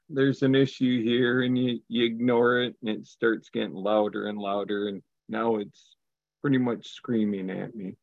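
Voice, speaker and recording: A man taking part in a live online session, speaking slowly and with formal politeness. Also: lowish voice, vocal fry, no room sound, lo-fi sound. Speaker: caller. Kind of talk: live call-in participant.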